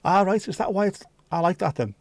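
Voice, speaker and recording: A man hosting a livestream, chatting casually with viewers and cracking sweary jokes and quick asides. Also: high voice, animated, dry recording. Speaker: livestream host. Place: home livestream setup.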